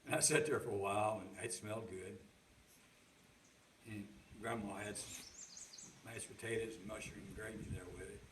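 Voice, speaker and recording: A man's voice: lowish voice, moderate pace, pauses often, background noise. An older man telling a folksy story in a homespun, rambling way, often repeating his words. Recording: roomy sound from a distant mic.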